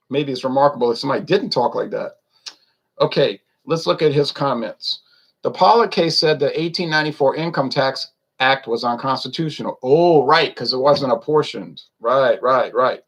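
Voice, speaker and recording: A man's voice: mid-range voice, moderate pace, fairly bright tone, breathy edge. A man ranting in a casual monologue, opinionated and rambling, full of rhetorical questions. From United States. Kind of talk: casual rant to camera.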